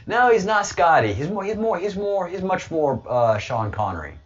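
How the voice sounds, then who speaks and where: A man's voice: sits high, a bit bright. A man chatting casually as a guest, rambling and joking with many restarts, and sometimes boastful and provocative. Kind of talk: casual chat. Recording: dull lo-fi audio.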